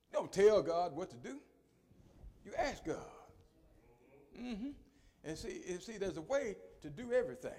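A middle-aged man preaches a sermon in a voice that sits high, swinging from quiet conversational asides to shouted, sung peaks and calling on the congregation.

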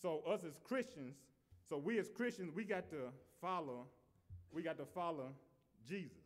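High-voiced preacher man, talky sermon that keeps circling back on itself. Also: normal speed. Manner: conversational preaching with repetitions and restarts.

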